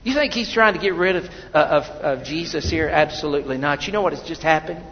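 A man's voice: fairly high pitch, a little fast, long reverb tail, dull audio. A man preaching a sermon in a church, talking conversationally, telling personal stories and often restarting his sentences. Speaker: pastor.

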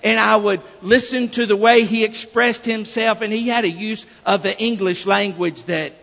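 Male pastor, high gravelly voice, slow emphatic preaching, dull echoing church recording. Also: steady tone. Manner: emphatic preaching with repeated restarts. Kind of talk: sermon.

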